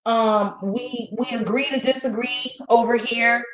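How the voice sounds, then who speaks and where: A woman's voice: on the high side, steady tone, unhurried, a crowd in the background. Woman, casual stream chat, talks to the audience, roomy echo. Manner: loose, talky, addresses the audience directly. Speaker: livestream co-host.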